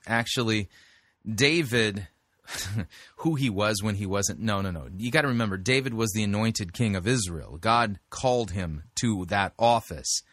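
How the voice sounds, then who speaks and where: A man's voice: on the low side, unhurried, a bit bright, dry recording, studio quality. A man hosting a sermon review show, giving blunt, corrective commentary on a preacher's clip.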